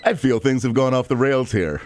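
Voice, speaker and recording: A man's voice: mid-range voice, fairly quick, a little mellow, slight background noise. A man co-hosting a talk radio show in a studio, teasing his partner with dry humor. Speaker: radio show co-host, political strategist. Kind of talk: casual studio banter.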